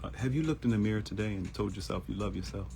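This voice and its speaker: Deep gravelly man hosting a talk show. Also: racing, darkish tone, faint music behind. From Baltimore. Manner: chatty, storytelling, addresses listeners as y'all. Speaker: host. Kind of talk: casual live talk show monologue.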